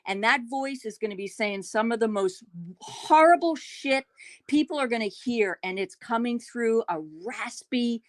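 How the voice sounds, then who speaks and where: A woman speaking on a panel chat in a slightly high voice. She presses her points hard and repeats words for stress. The sound is dry and close. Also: measured pace, no room sound.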